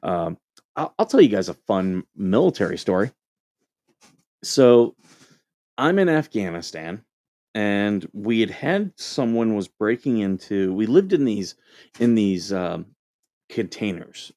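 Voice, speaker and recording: A man who served as a Marine, hosting a casual call-in show and telling a story in a relaxed, rambling way with lots of fillers. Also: on the low side, no echo. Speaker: show host, Marine veteran.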